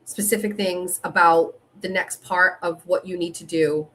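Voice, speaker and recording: A woman's voice: fairly low pitch, measured pace, slight background noise. A middle-aged woman hosting her own show, telling a story in a casual monologue and acting out both sides of a frustrating phone call. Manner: animated, reenacts phone calls, rising frustration. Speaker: show host.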